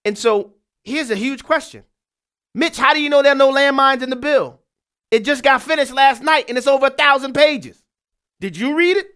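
A man's voice: extremely high pitch, moderate pace, bright, forceful tone. A man giving an impassioned political monologue, emphatic and fired up, repeating his points. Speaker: political commentator.

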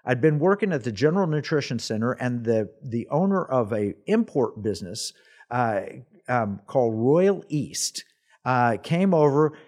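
A storytelling host in his sixties, relaxed and chatty. He spins long personal anecdotes with easy, conversational rhythm. His pitch sits in an ordinary middle range. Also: normal speed. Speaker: talk show host. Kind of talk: casual chat.

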